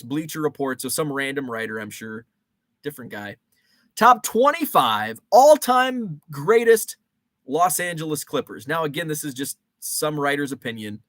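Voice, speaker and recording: A man's voice: fairly high pitch, a bit bright, dry recording. A man in his forties hosting a casual rambling monologue, thinking aloud with fillers and restarts. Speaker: show host. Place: home basement.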